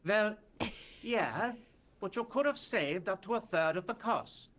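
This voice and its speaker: An actor playing a chatty, jovial train ticket inspector. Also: male voice, high voice, expressive, measured pace, fairly bright tone.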